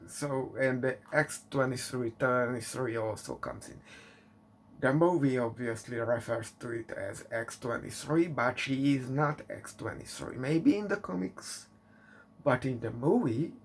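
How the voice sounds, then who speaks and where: Slow-talking man, exasperated. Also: medium pitch, slight background noise. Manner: exasperated rhetorical questions, many fillers and restarts. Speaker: movie reviewer. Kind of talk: casual spoken movie review.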